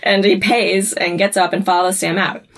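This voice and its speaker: A woman's voice: mid-range voice, flat delivery, moderate pace, a bit bright. A woman casually recapping a TV episode, acting out the characters' lines and laughing often. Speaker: podcast co-host recapping an episode. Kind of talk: casual chat.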